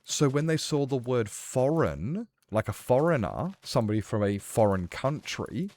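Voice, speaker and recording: A man's voice: medium pitch, lively intonation, moderate pace, few pauses, a little mellow. An Australian man streaming a game, chatting casually and rambling with lots of fillers while he responds to chat.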